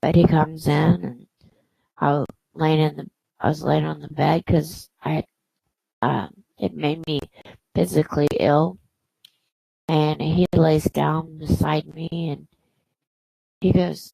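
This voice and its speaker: A woman host telling a personal story in a halting way, with many fillers and restarts. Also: sits low, steady tone, creaky, mellow, breathy edge, dry recording, rough recording.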